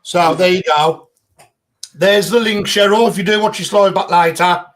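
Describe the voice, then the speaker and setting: A man's voice: sits high, steady tone, moderate pace. A man hosting a live stream, chatty and affectionate. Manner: chatty, affectionate, laughs often. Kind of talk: casual live-stream chat.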